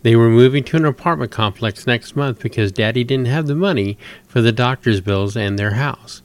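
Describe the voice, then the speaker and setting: A man hosting a show, reading a story aloud in a steady, measured way. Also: mid-range voice. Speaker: host.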